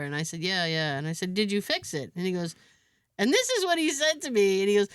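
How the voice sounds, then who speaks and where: A woman co-hosting a podcast tells a story in loose, casual chat, acting out what other people said. Her pitch swings widely as she talks, and her voice sounds close and dry, with no room sound. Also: quick pace, clean tone, no room sound. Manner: animated storyteller who acts out other people's lines. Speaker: podcast co-host.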